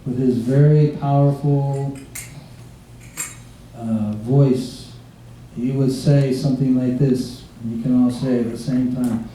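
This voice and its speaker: A man giving an informal devotional remembrance talk, halting often with fillers and restarts as he recalls stories. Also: medium pitch, steady tone, dark tone. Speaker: guest speaker. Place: devotees' home, recorded from across a room. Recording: echoey room from far off, faint hiss.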